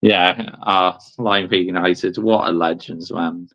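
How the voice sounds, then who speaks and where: A man chatting casually about a football match as a co-host, giving measured, laid-back opinions. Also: sits low, fairly even intonation, fairly bright tone, lo-fi sound.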